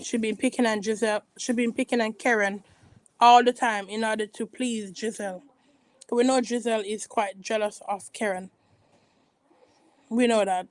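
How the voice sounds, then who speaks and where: A woman's voice: on the high side, dry recording, poor audio. A woman giving a rambling, gossipy recap of a reality TV show in a casual chat. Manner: rambling, gossipy, frequent restarts. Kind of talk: casual chatty commentary.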